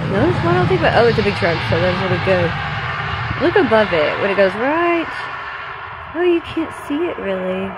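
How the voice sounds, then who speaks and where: A woman filming an outdoor vlog on her phone, giving an anxious, breathless running commentary. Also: mid-range voice. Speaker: vlogger. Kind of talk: handheld paranormal vlog commentary. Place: outdoors by a road at night. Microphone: phone camera. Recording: phone recording with outdoor noise.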